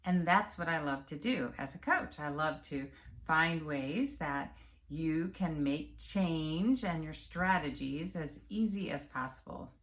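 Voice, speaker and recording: A woman health and empowerment coach giving a calm, encouraging talk straight to the viewer. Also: low voice. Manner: calm, measured and encouraging, addressing the viewer directly. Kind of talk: direct-to-camera coaching talk.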